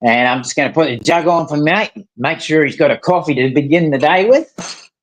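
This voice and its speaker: Rambling sweary kiwi-aussie bloke. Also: male voice, a little high, fairly quick. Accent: New Zealand and Australian mix. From New Zealand. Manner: heated, rambling, swears a lot, many fillers. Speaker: guest in a live voice chat. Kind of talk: casual chat.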